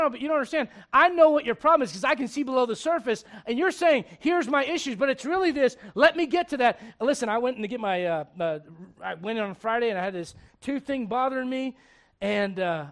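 A man with a high-pitched voice preaches a sermon. He tells stories by acting out the dialogue and laughs at his own jokes. He goes loud for punchlines and drops low and quiet for the serious points. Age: adult. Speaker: pastor.

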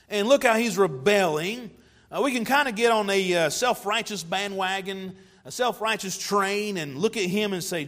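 A man preaching a sermon with emphatic delivery, stretching and rushing words for effect. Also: high-pitched. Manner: emphatic, varying pace and loudness for effect. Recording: long hall reverb.

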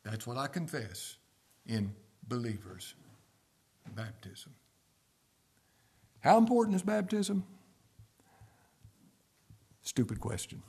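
A man preaches a fervent sermon, his slow, gravelly, husky voice swelling to loud, emphatic peaks and sinking into quiet, low asides. Between scripture quotations he fires off rhetorical questions, his intonation lively and his long pauses deliberate.

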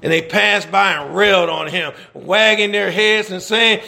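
A man's voice: high-pitched, normal speed, creaky. A middle-aged man preaching a sermon in a folksy way, asking the congregation rhetorical questions and laughing between points. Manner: animated preaching, rhetorical questions, call and response.

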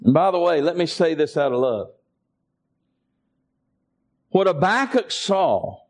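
High-voiced preacher with a rising build. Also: male voice, big pitch swings, a little slow, long pauses. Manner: calls to the congregation in a Southern US vernacular. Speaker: pastor. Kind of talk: sermon.

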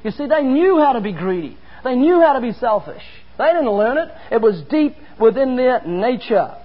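A male preacher delivers an earnest, emphatic sermon with personal anecdotes. His voice sits high and sounds slightly husky. The recording is dull and lo-fi. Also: sing-song, normal speed.

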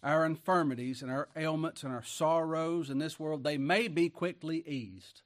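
This man's folksy sermon moves from loud declaiming to hushed asides, full of frequent chuckles and plain homespun talk. He speaks at a normal speed with a voice on the high side.

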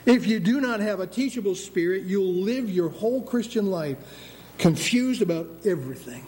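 A man preaching a sermon as pastor, animated, acting out the voices of God and believers. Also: sits high, normal speed.

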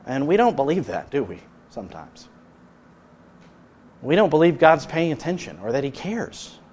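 A man preaching a sermon as pastor, earnest, his voice rising loud and then dropping soft. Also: on the high side, big pitch swings, normal speed, breathy edge.

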